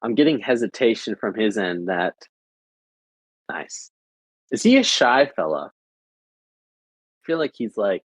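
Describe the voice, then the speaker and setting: A man's voice: on the low side, sing-song, measured pace, long pauses, husky, no echo, poor audio. A young adult American man chatting casually with viewers, rambling and repeating filler phrases. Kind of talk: casual chat.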